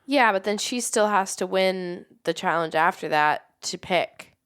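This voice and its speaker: A woman co-hosting a podcast in casual chat, relaxed and talking in loose run-on thoughts. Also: fairly low pitch, a little slow, clean tone. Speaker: podcast co-host.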